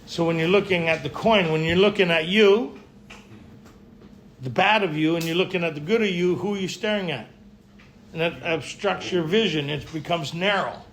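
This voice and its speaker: A man's voice: a little high, moderate pace, a bit bright. A man speaking casually to a group at a retreat, often checking in with his listeners. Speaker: recovery speaker at a men's retreat. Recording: faint room ambience and noise.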